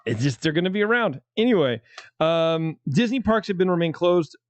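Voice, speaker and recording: A man's voice: a little high, lively intonation, moderate pace, dry recording. A man hosting a casual podcast, joking as he reads out news. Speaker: podcast host.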